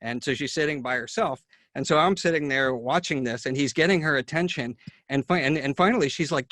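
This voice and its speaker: A man's voice: a little high, a little fast, a bit bright, dry recording. A man hosting a conversation, telling a long story with many fillers and restarts. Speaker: neurologist host. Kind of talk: casual video-call conversation.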